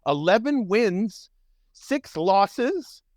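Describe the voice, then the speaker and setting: A man co-hosting a casual sports podcast, animated and profane, his voice swinging up and down as he argues. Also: very slow, dry recording, studio quality. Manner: animated, profane, jumps up and down in pitch. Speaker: podcast co-host.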